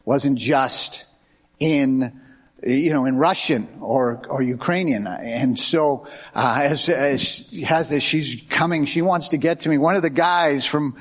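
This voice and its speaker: A middle-aged American man preaching as a pastor. He tells anecdotes in an animated way, acting out the quoted dialogue as he goes. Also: medium pitch, slow. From United States. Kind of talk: sermon with storytelling.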